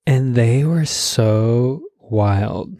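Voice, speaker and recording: Podcast host, male, lively raconteur who jumps into high voices for quotes; dry studio sound. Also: drawn-out words, no room sound. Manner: animated storyteller, acts out quotes with big pitch jumps, laughs often. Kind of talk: casual storytelling chat.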